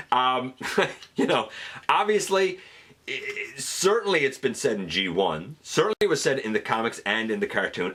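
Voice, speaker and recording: A man talks straight to camera as the host of a fan countdown, relaxed and enthusiastic. His pitch leaps around freely as he riffs, full of little fillers and restarts. It sounds like easy, friendly fan commentary. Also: breathy edge. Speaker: host counting down a top ten list.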